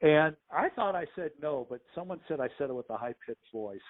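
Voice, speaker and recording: A middle-aged man, a sports official and podcast guest, telling lively anecdotes in a conversational interview and acting out what other people said. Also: fairly high pitch, fairly quick. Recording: tinny phone line.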